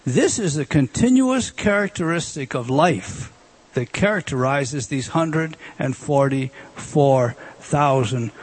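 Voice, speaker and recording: A man's voice: medium pitch, breathy edge. A man preaching an expository sermon to a congregation. He is emphatic, repeats key words and asks the room questions.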